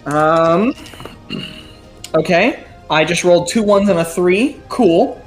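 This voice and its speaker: A man narrating a tabletop game as game master, speaking haltingly with many ums and uhs. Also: high-pitched, soft background music.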